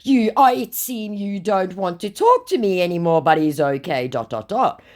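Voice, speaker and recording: A woman putting on a high, clueless scammer guy. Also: very animated, moderate pace, a little mellow, close to an everyday voice. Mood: needy. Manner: eager, broken English, overexcited. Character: clueless pushy male online scammer, broken English.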